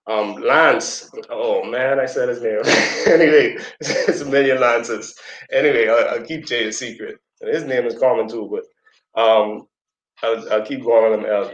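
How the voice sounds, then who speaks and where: Man, casual teaching talk, storytelling, conversational fillers and asides, medium pitch, roomy echo. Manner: acts out quoted voices in a high squeaky pitch. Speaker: speaker at a community presentation.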